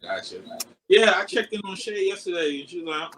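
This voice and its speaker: A playful man with a Baltimore accent chats casually as a podcast guest, cracking jokes in an easygoing way. His pitch moves around a lot, and a faint background noise sits under the recording. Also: sing-song, a little fast, a bit bright. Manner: playful, joking, laid-back. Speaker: podcast guest, media group CEO. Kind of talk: casual chat.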